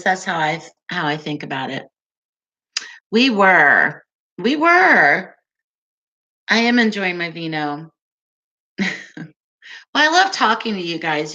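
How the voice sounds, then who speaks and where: A woman hosting a casual livestream, chatting with viewers in a soft, calming voice and an unhurried, giggly way. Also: fairly low pitch. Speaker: livestream host.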